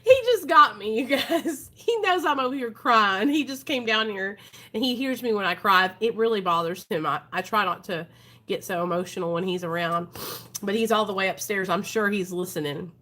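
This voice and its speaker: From her home, a woman hosts a recovery livestream, chatting casually with her viewers and often calling them "you guys." Her mid-range voice is brisk and bright, with a forceful tone, and she comes across as frank and earnest.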